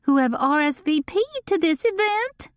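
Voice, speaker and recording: A woman's voice: sits high, big pitch swings, a little slow, no room sound, clean studio sound, voice pushed up. A woman reading an audiobook and voicing a panicky, self-dramatizing society woman who wails and pleads. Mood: frantic pleading. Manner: wailing, pleading, melodramatic.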